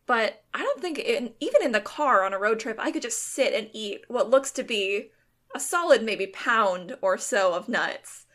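A woman co-hosting a podcast in casual chat, chatty and quick to laugh. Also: on the high side, animated, fairly bright tone. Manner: chatty, laughs often, many "like" fillers. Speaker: podcast co-host.

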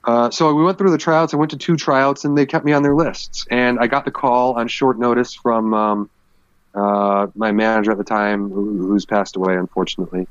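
A former MMA fighter talking candidly in a casual podcast conversation, rambling through stories with many fillers. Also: male voice, mid-range voice, fairly even intonation, moderate pace, clear, resonant tone, no echo, muffled recording.

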